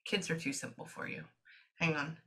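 A woman working as a psychic medium, giving a reading to a client and relaying messages in quick, chatty asides. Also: deep voice, fairly bright tone.

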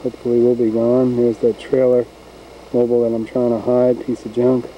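A man's voice: medium pitch, monotone, moderate pace, muffled recording, slight background noise. A man narrating casually as he films his farm outdoors on a handheld camcorder, folksy and rambling. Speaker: home video maker. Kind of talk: casual narration while filming. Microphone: handheld camcorder mic.

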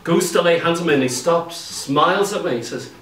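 A man with an Irish accent preaching a sermon, telling stories in a lively way and acting out what people said. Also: a little high, fairly quick, slight background noise. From Ireland. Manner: lively storytelling, acts out quoted speech. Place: church. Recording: echoey church room, mic at a distance.

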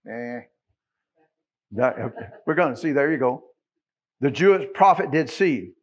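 A Texan-accented pastor delivers a folksy sermon with joking asides, his voice a touch husky and fairly high for a man. The sound is dull and lo-fi, like a church livestream. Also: big pitch swings, measured pace, pauses often.

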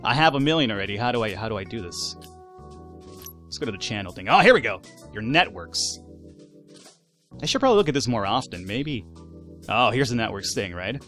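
A man giving casual, animated let's-play commentary, swearing, laughing and talking back to the game's characters. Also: lowish voice, fairly quick, pauses often, faint music behind. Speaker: gaming YouTuber.

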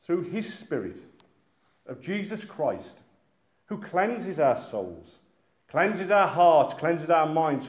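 A man preaching a sermon to a gathered congregation, animated and exclaiming, calling his listeners friends. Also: a little high. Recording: echoey, muffled room recording with faint noise.

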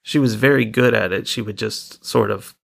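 A man co-hosting a podcast, talking about a movie in a relaxed, wry way. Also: lowish voice, moderate pace, creaky. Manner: relaxed, wry, laughs often. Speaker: podcast co-host. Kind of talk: casual movie discussion.

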